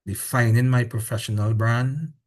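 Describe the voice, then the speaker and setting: A man with a Trinidadian accent giving a university lecture, animated, repeating points and asking the class rhetorical questions. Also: mid-range voice, normal speed.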